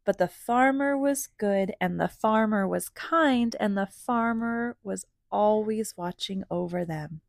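A woman reading a children's picture book aloud, gentle and animated, pausing to ask questions. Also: mid-range voice, vocal fry, dry recording, studio quality. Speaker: storybook reader for children.

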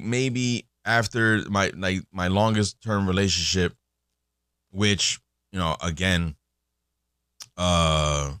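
A man's voice: sits low, fairly bright tone, clear, resonant tone, no room sound, clean studio sound. A man in his thirties hosting a podcast, talking in a casual, rambling monologue full of fillers and restarts. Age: 30s. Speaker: podcast host.

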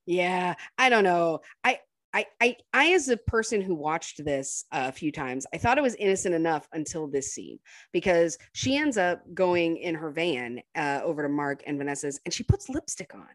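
Lower-voiced woman retelling a film. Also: normal speed, dry recording. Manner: animated retelling, laughs often. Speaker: podcast co-host. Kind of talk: casual film discussion.

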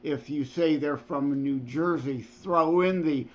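A man's voice: fairly high pitch, slow, darkish tone, lo-fi sound. A man co-hosting a podcast, chatting casually and thoughtfully, often chuckling. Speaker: podcast co-host. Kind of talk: casual chat.

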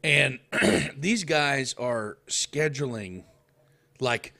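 A man's voice: mid-range voice, lively intonation, extremely slow, vocal fry, bright, forceful tone. A man from Indiana co-hosting a casual podcast chat, rambling and repeating himself with lots of filler words. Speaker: podcast co-host.

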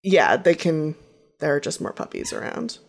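A woman's voice: sits low, animated, moderate pace, gravelly. Woman, podcast co-host, casual chat, playful, self-deprecating. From United States West Coast.

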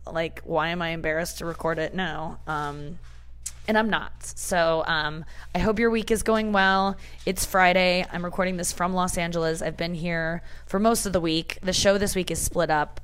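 Low, clear, and resonant, this woman's voice belongs to a comedian and radio host. She rambles chattily through a casual podcast, full of filler words. The episode was captured on a portable rig in the back room of a hair salon rather than in a studio.

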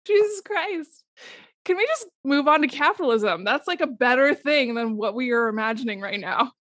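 A woman co-hosts a casual podcast with a wry, profane humor and a ready giggle. Her voice is somewhat high and sounds dry and close, with no room echo. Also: animated, normal speed, fairly bright tone. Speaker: podcast co-host.

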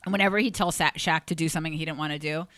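A woman's voice: low voice, steady tone, rapid-fire, fairly bright tone, no echo. A woman comedian chatting as a podcast guest, telling stories with lots of fillers and laughter. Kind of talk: casual podcast storytelling.

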